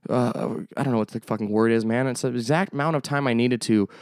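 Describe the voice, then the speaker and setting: A man's voice: mid-range voice, fairly even intonation, fast, a little mellow, no room sound, studio quality. A young man hosting his own podcast, chatting casually in a rambling, profane, joking way. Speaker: podcast host. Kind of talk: casual solo podcast chat.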